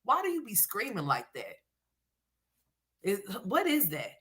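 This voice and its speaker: A woman's voice: mid-range voice, wildly swooping pitch, a little slow, fairly bright tone. Blunt profane woman ranting on stream. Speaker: commentator. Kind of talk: livestream commentary.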